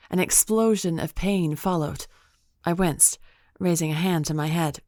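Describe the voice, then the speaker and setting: A woman narrating a fantasy audiobook in the first person, measured and expressive. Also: low voice, dry recording, studio quality.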